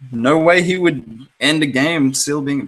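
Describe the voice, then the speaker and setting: A man co-hosting a casual gaming podcast, sarcastic and quick to swear, laughing often as he chats. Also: fairly high pitch, fairly bright tone, low-quality recording. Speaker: podcast co-host. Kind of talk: casual chat.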